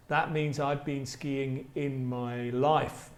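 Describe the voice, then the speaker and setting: A man teaching an English grammar lesson, repeating example sentences slowly and stretching them out for emphasis. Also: fairly high pitch, a little mellow, reverberant. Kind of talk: slow, deliberate grammar lesson with spoken examples.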